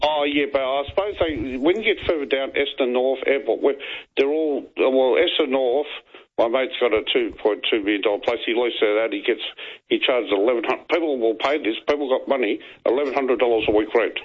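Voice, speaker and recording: A man's voice: mid-range voice, brisk, breathy edge. A man calling in to a talkback radio show, rambling and tripping over repeated words. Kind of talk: phoned-in radio chat. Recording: tinny phone line.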